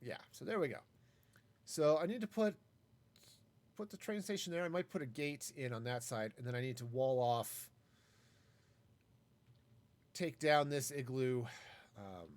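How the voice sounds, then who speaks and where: A man's voice: medium pitch, animated, measured pace, pauses often. A man casually talking through a live game stream, wry and self-mocking as he rambles. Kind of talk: casual gameplay commentary.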